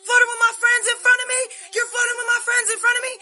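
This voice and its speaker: A woman acting out a furious, jealous young man who screams accusations in a shrill yell. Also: flat delivery, fast talker, faint music behind, exaggerated voice. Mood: enraged. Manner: shrill yelling.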